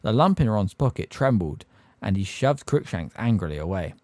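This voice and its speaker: A man narrating a fantasy audiobook with an expressive delivery. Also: lowish voice, moderate pace, no room sound, studio quality. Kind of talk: fan audiobook reading.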